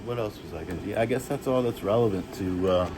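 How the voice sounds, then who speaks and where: A man telling rambling, halting stories about his childhood, jumping from one memory to the next. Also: slight background noise, poor audio. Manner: rambling, halting, restarts and jumps between stories; shouts and jumps high when acting out others. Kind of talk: rambling personal storytelling.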